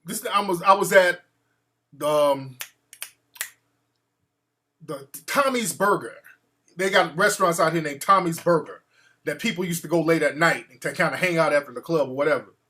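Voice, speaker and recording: A man hosting a call-in show, telling a story in an animated, profane way and acting out the quotes. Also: fairly high pitch, normal speed, long pauses. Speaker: radio show host.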